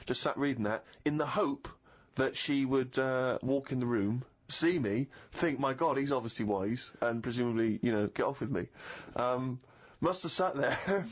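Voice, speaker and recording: A man's voice: medium pitch, animated, unhurried, hardly any pauses. Man telling a self-mocking story. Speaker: podcast co-host. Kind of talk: casual chat. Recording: slightly dull podcast audio.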